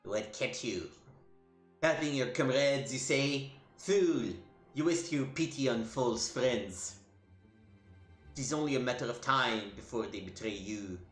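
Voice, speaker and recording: A man's voice: mid-range voice, unhurried, a bit bright, reverberant, faint music behind, lightly acted. A man reading aloud as a bitter, boastful disgraced lancer villain in a video game, in a theatrical, scornful way.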